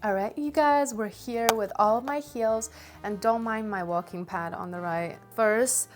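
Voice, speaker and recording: A bubbly woman chats away on a closet tour, talking right to her viewers from home. Her voice sits a bit high, with soft music playing faintly underneath. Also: measured pace. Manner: chatty, bubbly, talks straight to viewers. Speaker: fashion vlogger. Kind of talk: casual chat on a closet tour.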